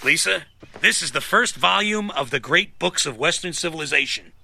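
A man's voice: a little high, animated, moderate pace, creaky, sharp tone, slight background noise, full character voice. An actor playing Herb, a brash middle-aged inventor, with boisterous salesman patter, in a cartoon clip. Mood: generous.

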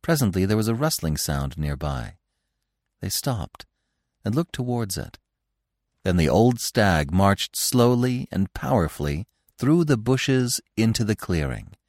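A man with a deep voice narrates a classic story aloud, with a lively, animated reading. The sound is close and dry. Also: a little slow, no room sound. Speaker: audiobook narrator.

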